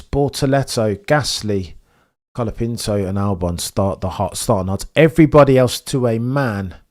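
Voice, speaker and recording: A young man hosts a live race watchalong and talks straight to his viewers. His voice sits at a middle pitch. He drops to a hushed, nervous mumble and then bursts into loud, excited shouting. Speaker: streamer hosting a race watchalong. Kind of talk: live sports watchalong commentary.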